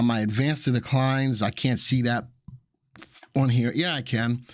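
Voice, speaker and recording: A man's voice: mid-range voice, dry recording, studio quality. A man, hosting a casual stock-market live stream in an upbeat, jokey way and greeting viewers. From Brooklyn, New York. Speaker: livestream host of stock analysis show.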